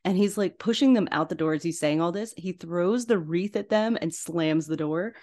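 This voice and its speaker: Brief: woman podcast host, casual chatty film recap, slightly low pitch. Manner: animated, chatty, quick asides.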